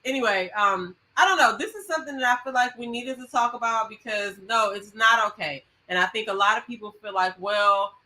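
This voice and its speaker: A woman co-hosting a podcast in casual chat, animated and emphatic, laughing often. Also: on the high side, a little fast, few pauses, poor audio. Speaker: podcast co-host.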